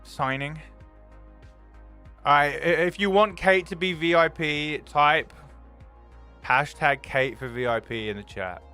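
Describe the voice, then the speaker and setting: A young man, live streaming and chatting casually with viewers, greeting them by name and telling excitable stories. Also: fairly high pitch, slow pace, pauses often, clean tone, soft background music.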